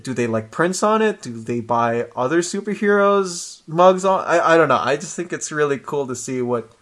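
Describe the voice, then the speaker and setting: A man's voice: a little high, animated, moderate pace, fairly bright tone. Male co-host, easygoing comic-fan chatter, rambling delivery. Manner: rambling, restarts often, fan enthusiasm. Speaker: comic book podcast co-host. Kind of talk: casual chat.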